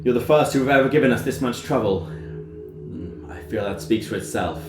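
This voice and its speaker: A man voicing a calm, shrewd male bugbear leader in a tabletop role-playing game, speaking louder and higher than his own voice. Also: moderate pace, echoey room, music in the background, lightly acted. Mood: commanding. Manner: raises pitch and volume sharply for the character.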